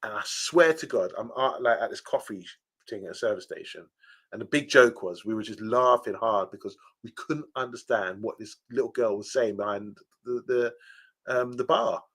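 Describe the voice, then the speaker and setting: A man's voice: fairly low pitch, normal speed, a bit bright, husky. A man co-hosting a casual podcast chat, telling rambling stories full of fillers. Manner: chatty storyteller, rambling with fillers. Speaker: podcast co-host.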